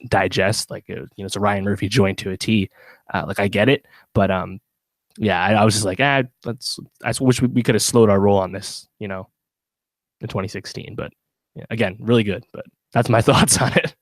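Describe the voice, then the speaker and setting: A man's voice: fairly low pitch, fairly even intonation, a little fast, no room sound. A man co-hosting a podcast, chatting casually through a TV review with plenty of fillers and restarts. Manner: rambling, many fillers and restarts. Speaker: podcast co-host.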